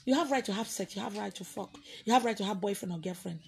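A woman's voice: medium pitch, fast talker, creaky, a little mellow, slight background noise. A woman with a Nigerian accent, preaching as a spiritual teacher in a scolding, confrontational way. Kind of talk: preaching to an audience.

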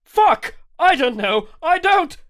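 A man's voice: extremely high pitch, sing-song, slow, a bit bright, pitched above the performer's own voice, exaggerated voice. A man voicing a terrified captured male unicorn prisoner, screaming and sobbing as he begs under torture. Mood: screaming terror.

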